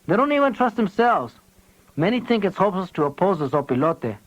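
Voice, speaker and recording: A man's voice: high-pitched, very animated, fairly quick, no echo, pitched above the performer's own voice. A man voicing a tough village woman organizing neighbors, earnest and blunt. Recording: dull lo-fi tape audio.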